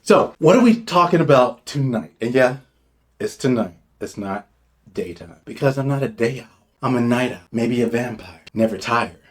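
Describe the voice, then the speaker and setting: Cocky guy ranting on his commentary show, swears a lot, goes loud then mutters, mid-pitch voice. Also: animated, normal speed. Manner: brash, swaggering, profane, jumps between loud bursts and muttered asides. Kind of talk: opinionated commentary monologue.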